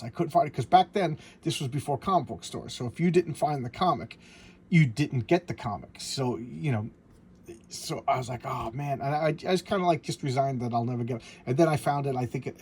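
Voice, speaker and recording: This comic collector, a middle-aged man, talks casually for his vlog, wandering off topic and often stumbling over repeated words. His voice is mid-range and darkish in tone, and there's slight background noise.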